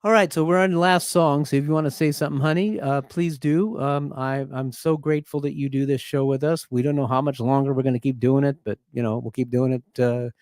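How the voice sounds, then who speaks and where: A man at mid pitch hosting a casual music stream. He rambles with plenty of fillers as he thanks people and introduces songs. His voice sounds dry and close to the mic. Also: fairly even intonation, fairly quick, hardly any pauses, a little mellow, no echo. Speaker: host and musician.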